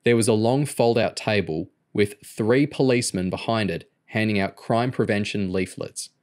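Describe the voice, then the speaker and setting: A man with a lowish voice reads a novel aloud as an audiobook. His storytelling stays steady and even from line to line. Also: moderate pace. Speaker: audiobook reader. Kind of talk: audiobook narration.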